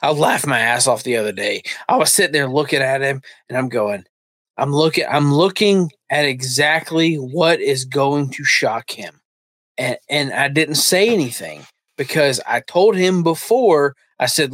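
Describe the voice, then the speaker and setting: A man's voice: fairly high pitch, unhurried, music in the background. A man co-hosting a podcast, telling a work story in a rambling, profane way with many restarts. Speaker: podcast co-host. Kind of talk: casual podcast chat.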